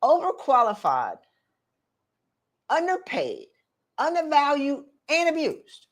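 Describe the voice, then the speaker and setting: Animated woman coaching in slangy talk. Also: sits high, takes it slowly. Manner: animated, preachy, slangy and direct, talks straight to viewers. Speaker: career coach for women. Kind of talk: live-streamed coaching talk.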